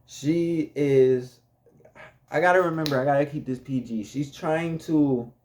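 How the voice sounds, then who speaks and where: A young man spinning a storytime for his viewers in a relaxed, slow drawl. His voice sits a little higher than most men's, and he keeps it chatty, laughing often and talking straight to the audience. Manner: laid-back, chatty, laughs often, addresses viewers as y'all. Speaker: vlogger telling a story. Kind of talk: casual storytime.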